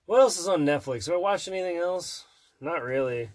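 A woman's voice: on the low side, lively intonation, fairly quick, darkish tone, dry recording. A woman in casual chat with her child, playful, asking lots of questions and often laughing mid-sentence.

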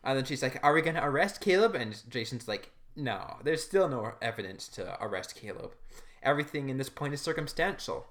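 Animated podcast co-host recapping. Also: medium pitch, brisk. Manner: chatty, laughing, quotes characters. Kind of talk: casual chat recapping an episode.

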